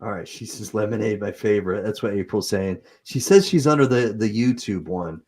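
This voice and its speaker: A man's voice: on the low side, lively intonation, normal speed, darkish tone. A man with a Utah accent hosting a livestream, chatting casually and improvising as he reads comments. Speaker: host.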